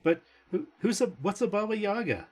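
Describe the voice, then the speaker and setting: Brief: high, animated man, stammering tabletop player. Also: a little fast. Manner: stammering, lively.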